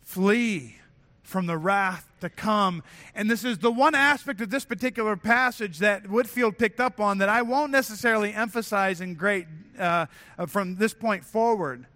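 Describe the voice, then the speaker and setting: A man's voice: high-pitched, normal speed, pushed and bright. A man preaching a sermon to a church congregation, earnest and conversational, often restarting his phrases. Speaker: pastor. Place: church sanctuary.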